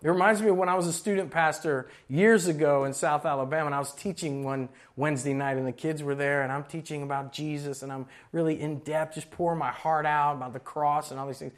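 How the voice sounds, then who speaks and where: A man preaching a sermon to a church congregation, animated and conversational, acting out quoted voices as he tells stories. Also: fairly high pitch. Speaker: pastor.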